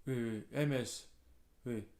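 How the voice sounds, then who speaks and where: A man practicing French phrases on his own, talking casually, excitable and repeating himself as he works through them. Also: mid-range voice, slow pace. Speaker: vlogger learning French. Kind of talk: casual self-taught language practice.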